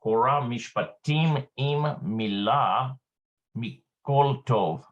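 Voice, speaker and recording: A man teaching a live online language lesson, slow and halting, with many filler sounds. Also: mid-range voice, lo-fi sound. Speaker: Hebrew teacher.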